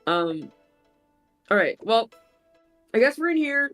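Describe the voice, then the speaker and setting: A woman's voice: fairly high pitch, sing-song, slow pace, a bit bright, faint music behind. A woman playing a tabletop role-playing game, chatting casually, laughing, swearing and trailing off. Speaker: player.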